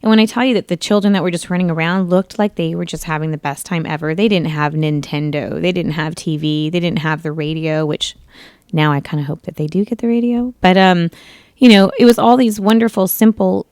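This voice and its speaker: A woman radio host in her thirties tells a long personal story in a chatty, meandering way, often correcting herself. Her voice sits low and sounds smooth and clear, recorded dry and close. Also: fairly even intonation, fairly quick, a little mellow, no echo. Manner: chatty, rambling, with self-corrections and laughs. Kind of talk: casual storytelling on talk radio.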